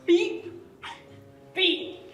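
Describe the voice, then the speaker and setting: A woman's voice: very high voice, measured pace, sharp tone, soft background music, full character voice. A woman playing a swaggering man hosting a holiday party in a stage comedy sketch, trading cocky, threatening banter. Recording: echoey stage room from a distance.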